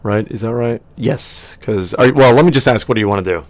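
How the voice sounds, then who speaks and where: A man's voice: medium pitch, brisk. A man narrating as game master of a tabletop game, rambling and often correcting himself.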